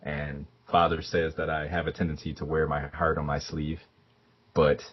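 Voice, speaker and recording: A man's voice: rumbling low, flat delivery, slightly rough. A man voicing an earnest, formal young man who speaks hesitantly and over-politely. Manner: halting, hesitant and overly polite. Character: earnest, formal young man, emotional but trying to be proper. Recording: dull, lo-fi sound.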